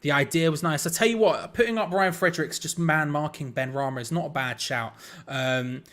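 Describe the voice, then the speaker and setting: Hosting a live watch-along of a football match, this young man talks fairly fast in a bright, somewhat high voice. Between casual play-by-play, he chats to viewers and vents his frustration.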